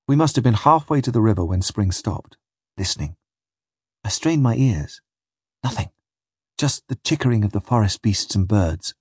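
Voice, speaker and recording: A husky-voiced man narrates a first-person adventure tale, his pitch rising and falling with lively drama. The sound is close and dry, with no room around it. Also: normal speed, long pauses, dry recording. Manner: vivid, dramatic storytelling. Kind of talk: first-person audiobook reading.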